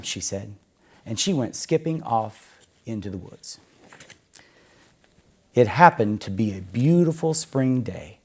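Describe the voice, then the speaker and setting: A man reading a children's story aloud in a gentle, expressive storytelling way. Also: mid-range voice, vocal fry, slightly rough.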